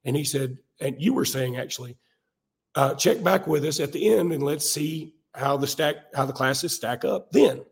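A hoarse man co-hosting a casual sports podcast, animated and laughing at himself. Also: on the high side, normal speed. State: hoarse from illness. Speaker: podcast co-host.

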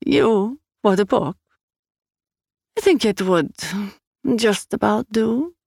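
A woman's voice: mid-range voice, animated, slow pace, gravelly, darkish tone, no echo, studio quality, voice pushed up, exaggerated voice. A woman voicing a purring, sly villain trader.

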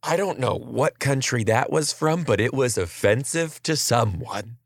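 A man's voice: mid-range voice, lively intonation, measured pace, gravelly, no echo, clean studio sound. A man in his thirties hosting a casual comedy chat, playful and teasing. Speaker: comedian and podcast host.

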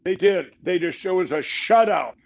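A man's voice: high voice, animated, normal speed, vocal fry. A middle-aged man speaking as a guest on a talk show, rambling and emphatic, with frequent restarts. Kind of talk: fast rambling interview talk. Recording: dull lo-fi audio.

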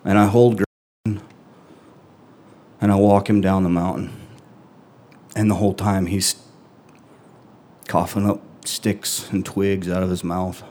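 A middle-aged man telling a personal story to an audience, his voice deep and low. He speaks in an even, steady tone with little rise and fall, earnest and halting, leaving long pauses between phrases. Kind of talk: live first-person storytelling.

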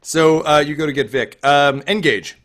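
A man's voice: on the high side, moderate pace, a bit bright. A man narrating a tabletop game as game master, playful and jokey. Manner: playful, jokey, switching into character voices.

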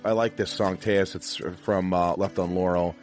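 A man's voice: low voice, fairly even intonation, moderate pace, a little mellow, faint music behind. A man hosting a podcast in casual chat, talking earnestly and profanely with many restarts, on a studio mic. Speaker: podcast host.

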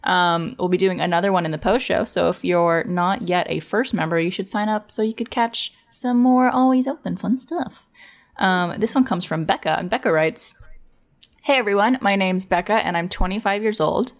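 Woman hosting a chat show, lowish voice. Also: normal speed, vocal fry. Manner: joking, reads listener questions aloud. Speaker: podcast host. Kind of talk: casual chat.

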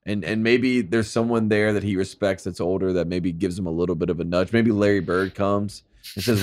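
Man, very low pitch, dry close mic, sports radio co-host losing his voice, easygoing and quick to laugh. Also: steady tone, a little mellow, dry recording. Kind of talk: casual sports talk.

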